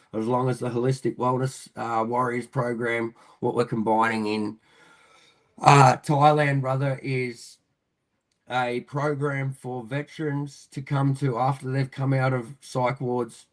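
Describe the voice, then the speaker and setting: A man's voice: medium pitch, rough recording. A man with an Australian accent, in his thirties, talking through a casual interview, rambling with lots of fillers, calling the host mate and bro, and swearing now and then. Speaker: interview guest, army veteran.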